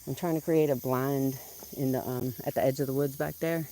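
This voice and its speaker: Woman, casual backyard chat, quick to laugh and scold the birds. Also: steady tone, slight background noise. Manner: chatty, laughs often, scolds her chickens in a loud high voice. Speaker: vlogger keeping backyard chickens. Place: outdoors in a backyard with chickens.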